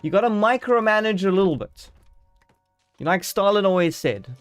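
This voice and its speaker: A man's voice: high voice, animated, moderate pace, soft background music. A man streaming a game live, chatting casually and joking as he thinks aloud.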